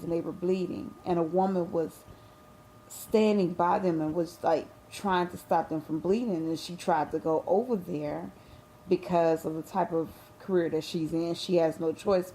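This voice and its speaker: A woman tells a story straight to her viewers, her voice sitting somewhat low. She talks with fervor and a preachy edge, speaking to them directly. A faint hiss runs under the recording. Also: a little mellow. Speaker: vlogger. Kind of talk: emotional storytelling vlog.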